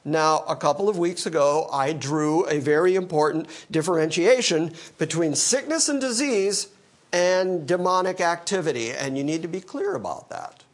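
A male pastor preaching an expository sermon, animated and teaching verse by verse, with dry humor. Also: fairly high pitch, normal speed. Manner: animated, quoting scripture in character, dry humor.

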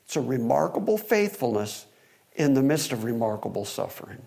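A man's voice: mid-range voice, sing-song, a little fast, vocal fry, mellow. A man teaching verse by verse through a psalm, earnest and expository, pressing points with emphatic rising questions. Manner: wry aside about holding the microphone. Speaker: Bible teacher. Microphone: microphone.

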